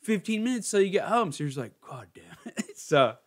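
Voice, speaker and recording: A man's voice: high-pitched, big pitch swings, fast talker. A young man, a comedian, chatting casually and telling crude self-mocking stories with acted-out quotes. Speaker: comedian, podcast host. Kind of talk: casual chat.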